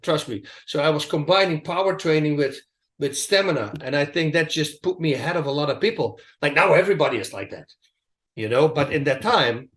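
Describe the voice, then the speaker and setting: A man in an interview, telling stories in a lively, emphatic, casual way. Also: fairly high pitch. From Netherlands. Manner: animated, emphatic storytelling with asides. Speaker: interview guest, retired fighter. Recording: echoey room.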